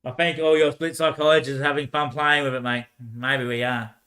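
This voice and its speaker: A man's voice: medium pitch, level tone, a little fast, pushed and bright. A man talks alone on a casual livestream in an ordinary mid-range voice. He rambles loosely and trades lines back and forth with himself, peppering it with "mate" and bursts of laughter. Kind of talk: rambling solo livestream talk.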